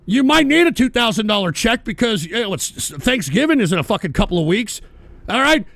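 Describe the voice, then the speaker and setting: Man, very high voice, gravelly, profane angry rant, dry sound. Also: sing-song, a little fast, no room sound. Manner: profane, sarcastic and shouting. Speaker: livestream host.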